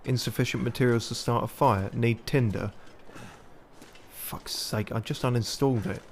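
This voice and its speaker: A man's voice: mid-range voice, moderate pace, a little hiss or hum. A man giving wry, self-mocking live commentary while he plays a game, often muttering to himself. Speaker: game streamer.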